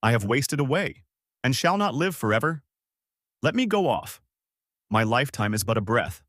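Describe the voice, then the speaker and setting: A suffering man pours out his lament, solemn and measured, as a male reader voices him. The voice sits at an ordinary middle pitch. It is recorded dry and close, with no room sound. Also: sing-song, a bit bright, no echo.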